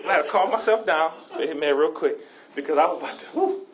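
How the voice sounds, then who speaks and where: A man preaching a sermon with grammar, repeating "amen" often and swinging from quiet storytelling to loud shouts. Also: on the high side, fast talker, far from the mic, a crowd in the background. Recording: echoey room.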